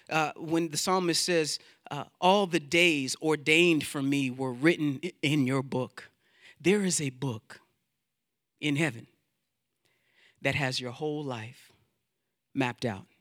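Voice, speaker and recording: A male pastor preaching a sermon to his congregation in church, animated, quoting scripture, acting out inner doubts and repeating words as he builds his points. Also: fairly high pitch, dry recording, studio quality. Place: church sanctuary.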